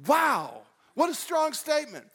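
A man preaching a sermon with a fairly high voice. His delivery is animated, rising to loud emphatic lines and dropping into hushed storytelling. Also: measured pace. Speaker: pastor.

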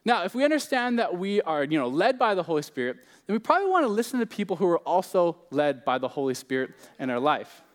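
A man's voice: high voice, sing-song, quick pace, few pauses, in a large hall. A young man preaching a sermon as pastor, in a casual, joking, conversational way.

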